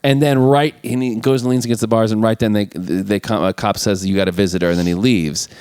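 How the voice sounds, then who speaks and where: A man's voice: fairly low pitch, steady tone, quick pace, darkish tone, clean tone, dry recording. A man co-hosting a podcast, casually retelling film scenes and acting out the lines with laughs. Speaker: podcast co-host. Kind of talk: casual chat recapping a film.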